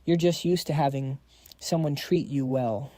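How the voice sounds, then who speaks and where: A man voicing a wronged young ex-husband who answers calmly and firmly. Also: mid-range voice, a little slow, dry recording, studio quality, close to an everyday voice. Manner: calm, firm.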